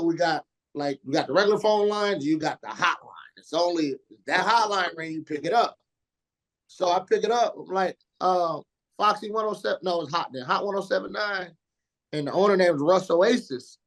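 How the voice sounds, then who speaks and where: A man in his forties from Indiana, a radio DJ telling stories as an interview guest in slangy, animated speech, acting out the people he quotes. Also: sits high. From Indiana, USA. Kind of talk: casual storytelling interview.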